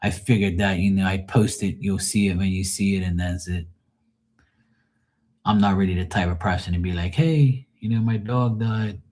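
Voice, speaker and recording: A middle-aged man hosting a livestream talks casually and frankly to his viewers while grieving, rambling and swearing freely. His voice is low with a darkish tone.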